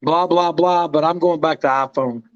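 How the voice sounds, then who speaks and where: A man hosting a casual livestream chat, talking with excitement and telling stories. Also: fairly high pitch, moderate pace. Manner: excited, storytelling, drops names. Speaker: show host. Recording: dull lo-fi stream audio.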